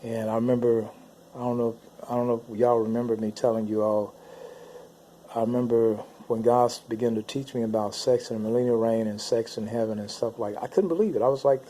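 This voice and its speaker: A man's voice: medium pitch, fairly even intonation, fairly quick, dark tone, slight background noise. A man recounting a spiritual vision to his viewers in an earnest, rambling monologue that keeps circling back over the same phrases. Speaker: Christian speaker recounting visions. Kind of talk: casual spoken monologue to camera.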